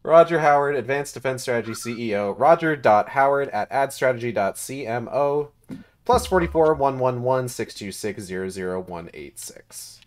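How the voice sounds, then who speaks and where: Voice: mid-range voice, moderate pace. A game streamer chatting casually with dry, joking asides. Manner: jokey, deadpan asides. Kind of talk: casual co-op gameplay chat.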